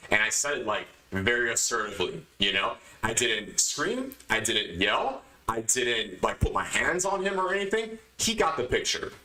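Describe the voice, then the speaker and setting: A man's voice: mid-range voice, very animated, normal speed, hardly any pauses, bright, forceful tone. A man hosting a podcast, giving emphatic, lecturing advice in a casual monologue. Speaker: podcast host. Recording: echoey room.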